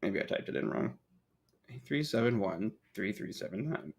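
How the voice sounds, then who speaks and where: Male podcast host, casual and profane, animated pitch, self-deprecating humor. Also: normal speed, gravelly, husky. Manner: joking, profane, self-mocking. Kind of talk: casual chat.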